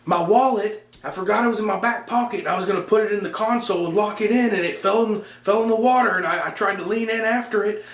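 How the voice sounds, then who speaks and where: A man's voice: quick pace, hardly any pauses, echoey room, natural voice. A man voicing his panicked middle-aged father, who is stuck in the water and pleading frantically for help. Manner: frantic, pleading, high-pitched.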